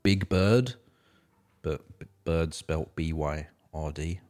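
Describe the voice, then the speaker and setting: A man with a very low voice co-hosts a casual music podcast. He wanders through his thoughts with fillers and restarts, chatting easily with his co-host. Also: takes it slowly, darkish tone. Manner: rambling, many fillers and restarts.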